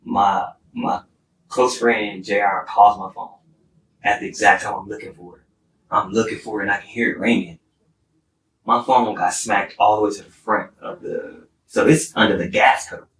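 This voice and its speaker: A man's voice: on the low side, steady tone, normal speed, a bit bright, a little hiss or hum. A young man from Houston, a podcast guest telling a personal story in a rambling way with many "like" fillers and restarts. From Houston, Texas. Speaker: podcast guest, singer-songwriter. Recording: roomy, distant mic.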